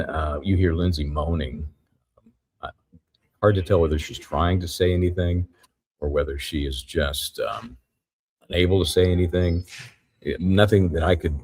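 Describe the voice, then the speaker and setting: A man giving a live courtroom recap as a trial reporter, retelling events in a halting, methodical way. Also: extremely low pitch, fairly even intonation, a little mellow, husky.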